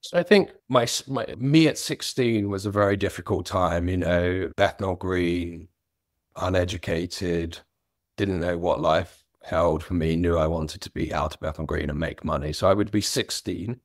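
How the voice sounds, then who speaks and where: A man's voice: sits low, normal speed, dry recording, studio quality. A middle-aged man from London with a faint trace of Cockney, talking candidly and reflectively as an interview guest. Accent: London, slightly Cockney. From England. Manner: earnest, reflective, occasional self-amused laughter. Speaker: author and business guest.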